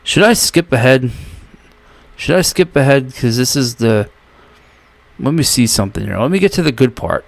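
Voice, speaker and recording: An American man talks over a cooking clip in a casual reaction style. He throws in joking, incredulous asides and hurried remarks. His voice sits at an ordinary middle pitch for a man. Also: animated, gravelly. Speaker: reaction video host.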